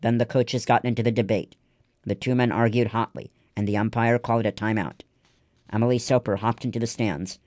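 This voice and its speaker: A man reading a children's story aloud in steady scripted narration. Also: medium pitch, fairly quick, no room sound, studio quality. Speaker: audiobook narrator.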